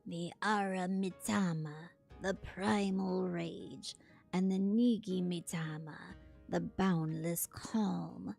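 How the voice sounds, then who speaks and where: A woman voicing a grave, formal ancient spirit lord in a game, reading in a slow, measured, archaic way. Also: medium pitch, gravelly, darkish tone, full character voice.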